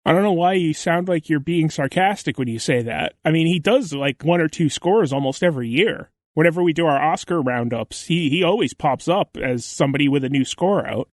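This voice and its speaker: A man's voice: on the high side, lively intonation, a little fast, hardly any pauses, dry recording. Enthusiastic man co-hosting a podcast. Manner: enthusiastic, chatty. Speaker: podcast co-host. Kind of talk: casual chat.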